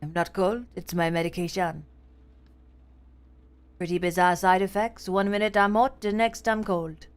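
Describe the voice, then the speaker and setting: Woman playing a worn-out middle-aged detective, low, dragging voice, chilled and shaky. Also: fairly even intonation, smooth, lightly acted. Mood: weary. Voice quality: slow, dragging, hushed. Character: weary middle-aged male detective, shivering.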